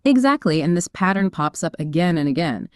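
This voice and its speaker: A woman's voice: lowish voice, very animated, fairly quick, a little mellow, no echo, studio quality. A woman co-hosting a casual explainer chat, upbeat and explanatory, with frequent fillers. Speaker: co-host.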